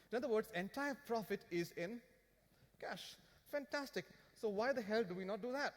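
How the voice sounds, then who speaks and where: Man, conference speaker, raised pitch, lively and jokey, quizzes the audience, long hall reverb. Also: normal speed. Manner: animated, jokey, asks the audience questions. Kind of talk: lively business seminar talk.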